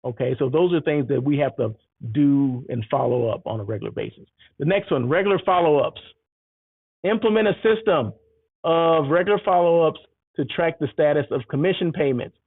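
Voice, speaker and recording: A man hosting a casual monologue, telling an animated story and acting out both sides of the exchanges. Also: fairly high pitch, fairly quick, husky, no echo. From United States. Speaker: host. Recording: tinny phone-like sound.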